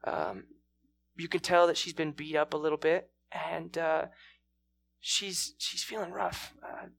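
Gravelly man retelling a story. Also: a little high, steady tone, unhurried, fairly bright tone, slight background noise. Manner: informal, with fillers and restarts. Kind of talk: dramatic storytelling sermon.

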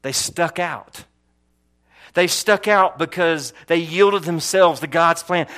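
Preaching with a high-pitched voice, a Florida pastor weaves a personal story into his sermon. His delivery is animated, full of repeated words, and shifts from booming to hushed.

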